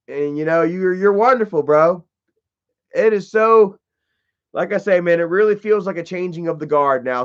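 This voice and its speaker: A man's voice: on the high side, smooth. A man hosting a livestream, talking in a casual, profane and mocking way and saying "you know" a lot. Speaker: livestream host. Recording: dull lo-fi stream audio.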